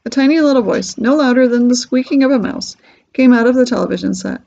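Woman reading a kids' novel aloud, husky and gravelly, somewhat high, dull lo-fi recording. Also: fast talker, mellow. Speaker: reader.

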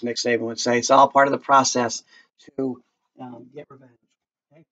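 A man's voice: mid-range voice, little pitch movement, moderate pace, pauses often, fairly bright tone, highs cut off. A man casually explaining a play to his class, chatty and loose, breaking into short dramatic readings of the lines. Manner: chatty, slips into character voices.

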